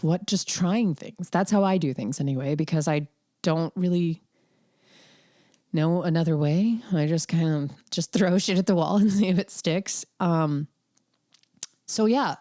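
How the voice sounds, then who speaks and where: A woman's voice: low-pitched, mellow, no room sound, studio quality. A woman hosting her own podcast solo, talking in a candid, wry, rambling way with lots of fillers. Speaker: podcast host. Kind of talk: casual solo podcast chat.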